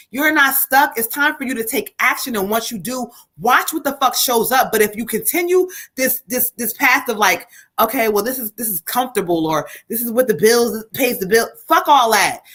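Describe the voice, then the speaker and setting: Woman, bright tense voice, fairly high, blunt and profane, live tarot stream. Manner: blunt, profane, emphatic, urging viewers on. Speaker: livestream host and tarot reader. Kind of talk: casual live tarot reading.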